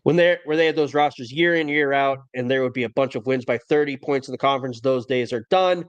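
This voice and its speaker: A man's voice: medium pitch, fast talker, clear, resonant tone, dull audio. A man hosting a casual college football podcast, talking in a wry, opinionated way. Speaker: podcast host. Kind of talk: casual sports talk.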